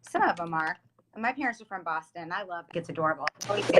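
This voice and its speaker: A woman hosting a live video stream, upbeat and gushing, often saying how excited she is, talking over a video call from home. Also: fairly low pitch, fast, very noisy. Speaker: host. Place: home in South Florida.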